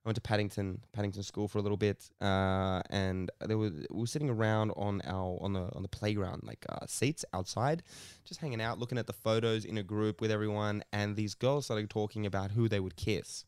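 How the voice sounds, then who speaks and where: A man's voice: on the low side, steady tone, brisk, hardly any pauses, darkish tone, smooth, dry recording, clean studio sound. A young man, co-hosting a podcast and telling stories in casual chat, laughing often and swearing casually. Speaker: podcast co-host.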